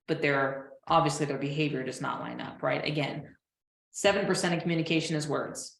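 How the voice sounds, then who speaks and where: Low-voiced woman teaching in an echoey room. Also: a little fast, vocal fry. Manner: lively, quotes clients in little acted voices. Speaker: trauma counselor. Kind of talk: teaching a training seminar.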